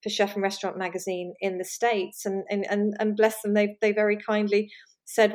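A chatty woman speaks as an interview guest. Her voice sits at an ordinary middle pitch. She laughs often and trips over her own restarts. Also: little pitch movement, moderate pace, a little mellow. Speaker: magazine editor, guest. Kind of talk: conversational interview.

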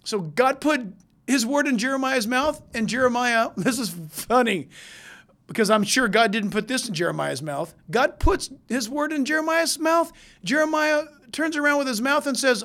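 A preacher delivering a sermon, moving between hushed, intense stretches and loud, emphatic ones. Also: sits high, lively intonation, moderate pace.

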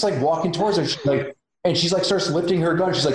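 A special effects makeup artist with a fairly high voice tells a story fast and casually, animatedly acting out the voices of the people in it. The recording has a roomy echo.

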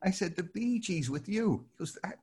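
An older man telling animated stories to a small live audience, acting out the people he quotes. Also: normal speed, husky. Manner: animated, acts out quoted voices with rising pitch. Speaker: storyteller addressing a live audience. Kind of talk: casual anecdotal storytelling.

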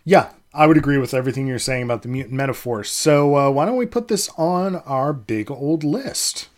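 A man co-hosting a podcast, speaking at a middle pitch in a measured way. He talks easily and agreeably with his co-host. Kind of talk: casual chat.

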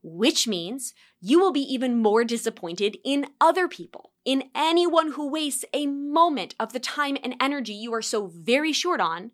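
A woman's voice: sits high, expressive, moderate pace, few pauses. A woman in her thirties hosting a solo podcast, talking earnestly and acting out sighing self-critical thoughts. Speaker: podcast host.

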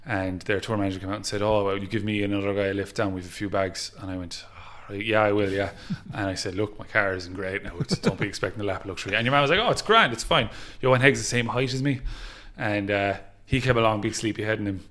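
An Irish man, a music festival promoter, chatting on a podcast and telling lively stories, acting out other people's lines and laughing often. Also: on the low side, fast talker, hardly any pauses. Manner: animated storyteller who acts out quotes and laughs often. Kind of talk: casual podcast interview, storytelling.

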